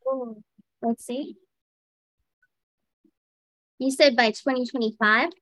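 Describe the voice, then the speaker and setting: Female tarot reader, bit high-pitched, dry mic, easy musing delivery. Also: slow, no room sound. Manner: relaxed, thinking aloud while reading cards. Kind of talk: casual tarot reading.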